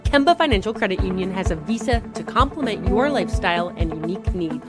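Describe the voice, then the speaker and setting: A woman reads a scripted card offer in a mid-pitched voice. A loud music bed runs under her. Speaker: ad announcer. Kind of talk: smooth scripted ad read.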